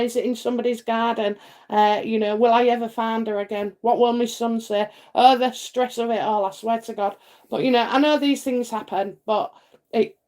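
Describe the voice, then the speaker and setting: A middle-aged woman from England hosting a live psychic stream, chatting in a rambling way full of fillers and repeats. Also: fairly high pitch. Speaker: psychic livestream host. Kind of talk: casual livestream chat and readings.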